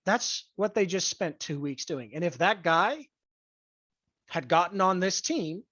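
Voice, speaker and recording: A podcast host in a profane sports rant, angry, crude and blunt, stressing key words with deliberate emphasis. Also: medium pitch, lively intonation, a bit bright, no room sound. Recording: dull lo-fi dry recording.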